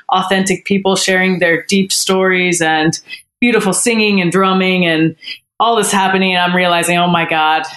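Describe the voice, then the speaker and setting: A woman guest on a podcast, telling a personal story in a candid, heartfelt way with frequent pauses and restarts. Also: mid-range voice, fairly bright tone.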